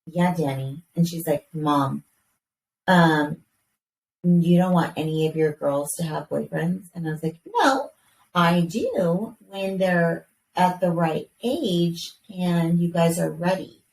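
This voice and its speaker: A woman in her thirties with a slightly low voice tells a story in a lively way, swearing now and then and acting out her kids' lines. She sits away from the mic in an echoey room with faint hiss in the background. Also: takes it slowly, creaky, recorded from a distance. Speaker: podcast co-host. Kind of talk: casual chat, storytelling.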